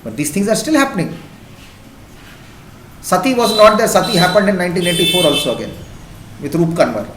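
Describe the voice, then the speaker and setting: A man's voice: high voice, big pitch swings, fairly quick, pauses often, background noise. A man with an Indian accent giving an impassioned classroom lecture as a teacher. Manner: impassioned, emphatic. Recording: echoey classroom.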